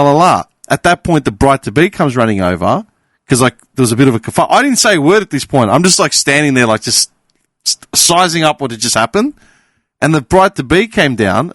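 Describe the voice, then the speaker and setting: A man's voice: mid-range voice, no room sound. A man spins a sweary anecdote for his podcast mates. His voice sits in a middle register and moves a lot as he talks. The sound is close and dry. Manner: swearing, animated anecdote-telling. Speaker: podcast panelist. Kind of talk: casual podcast storytelling.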